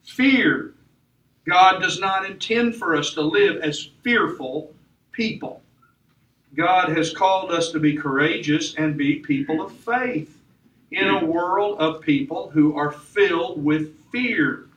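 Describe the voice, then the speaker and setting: A man's voice: high voice, takes it slowly, a bit bright, highs cut off. A man preaching a sermon in a church, with emphatic delivery that rises and falls. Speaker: pastor. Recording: echoey church room from far off.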